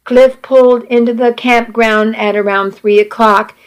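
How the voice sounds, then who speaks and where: A woman's voice: fairly high pitch, fairly even intonation, measured pace, clean tone, poor audio. A woman narrating a first-person story in a plain, earnest reading voice.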